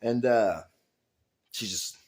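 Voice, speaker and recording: A man talking straight to camera in a loose storytelling monologue. He swears freely and leans hard on words, swinging from loud, high bursts to quiet asides. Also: takes it slowly. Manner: emphatic and profane, with big swings in pitch and loudness. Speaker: vlog host.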